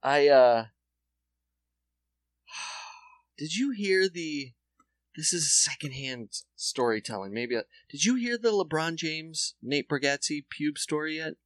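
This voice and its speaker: A man's voice: fairly high pitch, takes it slowly, pauses often, dry recording. A man co-hosting a podcast, chatting casually and laughing often. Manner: laughing, lively banter. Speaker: podcast co-host. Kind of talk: casual chat.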